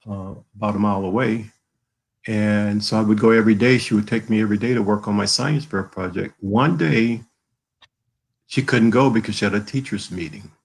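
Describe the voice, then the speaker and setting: Guest author, male, from the American South: low gravelly voice, husky edge, earnest and halting, on a video call. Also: low-quality recording. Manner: earnest, halting, with many fillers. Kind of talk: emotional personal storytelling.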